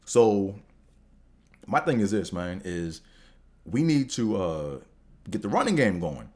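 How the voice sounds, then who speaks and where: A man's voice: on the low side, very animated, slow pace, a little mellow. A man hosting a podcast, talking casually and animatedly about sports with slang, swearing and rambling restarts. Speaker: podcast host.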